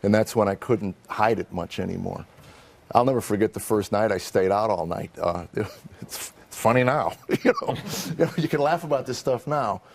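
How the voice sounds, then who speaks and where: A middle-aged man with a low, gravelly voice tells candid stories from his own life as a comedian guest in an interview. He is wry and self-deprecating, and he acts out the people in his stories. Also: normal speed. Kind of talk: candid personal storytelling in an interview.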